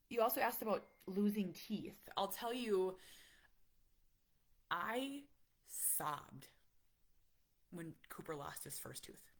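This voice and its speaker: A woman in her thirties, a parent chatting candidly and emotionally with viewers on a live stream. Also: medium pitch. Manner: candid, emotional, softly confiding. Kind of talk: casual live-stream chat.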